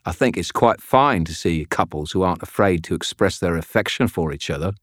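A man's voice: low-pitched, animated, fairly quick, no room sound, clean studio sound. A man voicing a cheerful, menacing middle-aged man with a Cockney accent, clipped and taunting. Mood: smug.

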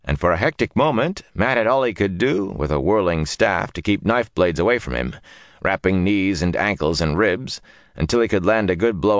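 A man reading a fantasy audiobook in an expressive, dramatic storytelling manner. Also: low voice, moderate pace, dry recording, clean studio sound. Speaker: narrator. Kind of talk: audiobook narration.

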